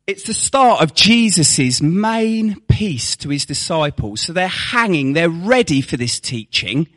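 A man's voice: a little high, big pitch swings, measured pace, fairly bright tone. A man preaching a sermon to his congregation, with rhetorical questions and mocking asides.

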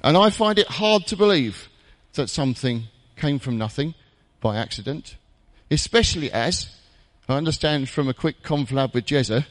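A man preaching a jokey, conversational sermon in a church, with dramatic pauses. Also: a little high, animated, in a large hall.

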